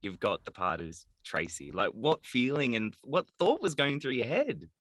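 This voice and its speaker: A woman hosting a theatre podcast interview, chatty and quick to laugh. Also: very deep voice, sing-song, fairly bright tone, no room sound, studio quality. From Australia. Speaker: podcast host. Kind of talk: casual interview chat.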